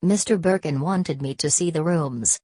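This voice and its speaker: An outspoken, eager young woman, voiced by a woman narrator. She exclaims in a low, dry audiobook voice. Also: normal speed, dark tone, slightly rough, no room sound.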